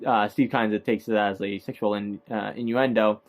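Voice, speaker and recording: A man's voice: fairly low pitch, fairly even intonation, moderate pace. A man casually recapping a movie, rambling with lots of fillers and hesitations. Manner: rambling, filler-heavy, laughs at own points.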